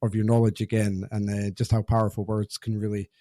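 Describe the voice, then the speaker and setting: A man's voice: fairly low pitch, flat delivery, brisk, dark tone, no echo, clean studio sound. A man in his thirties hosting a podcast interview, reflective and hesitant, often restarting his sentences. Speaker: podcast host. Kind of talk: interview conversation.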